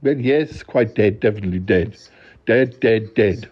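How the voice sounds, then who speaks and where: Deadpan rambling male storyteller. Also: on the low side, slightly rough. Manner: deadpan, rambling, halting with many restarts. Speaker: podcast host. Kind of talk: comic improvised storytelling. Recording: dull lo-fi recording.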